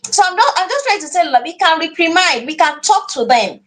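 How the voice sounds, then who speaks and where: A woman's voice: very high voice, big pitch swings, a little fast. A woman with a Nigerian accent teaching an online class for parents, earnest and often repeating words as she goes. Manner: earnest, repeats words while finding phrasing.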